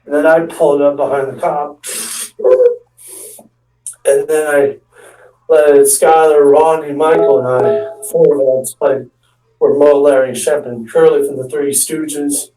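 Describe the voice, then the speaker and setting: A young man telling a prank story in a rambling, stop-start way, often acting out what people said. His voice sits a bit high and sounds soft and mellow. He is picked up from a distance in an echoey room. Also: fairly even intonation, measured pace, long pauses. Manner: rambling, restarts often, acts out quotes. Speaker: stand-up comedian telling a story.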